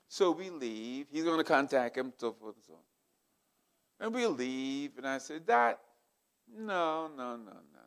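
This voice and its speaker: An older man preaching a sermon, telling a personal story in an animated, emotional way. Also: on the high side. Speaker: pastor.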